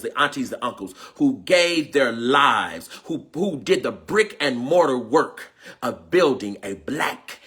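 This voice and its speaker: Fervent preacher man, bright lively voice. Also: medium pitch. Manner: fervent and emotional, repeating phrases and crying out; greets viewers by name. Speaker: preacher and teacher hosting a livestream. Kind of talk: call-and-response livestream sermon.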